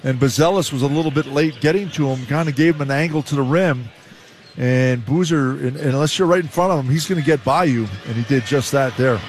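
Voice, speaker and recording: A Canadian former player, now a male color commentator, who breaks down basketball plays in a relaxed, explanatory way. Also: medium pitch, a little fast, slight background noise. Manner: relaxed, explanatory, with frequent "uh" and restarts.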